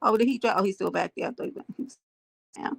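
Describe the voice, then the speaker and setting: Quick-paced and slightly rough with vocal fry, this medium-pitched livestream host greets her viewers by name. She hammers her points home to chat and adds preachy asides, and the recording has no room sound.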